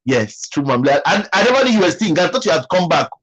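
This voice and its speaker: A Nigerian man hosts a casual livestream, reading viewers' comments while chatting, teasing, and repeating phrases. His fairly high, sing-song voice is a bit bright and rapid-fire, though the audio is poor.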